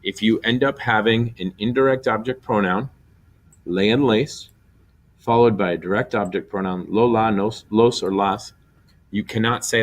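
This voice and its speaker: Speaking in a lowish voice, a man delivers a recorded Spanish grammar lesson, breaking things down stepwise and carefully spelling out syllables.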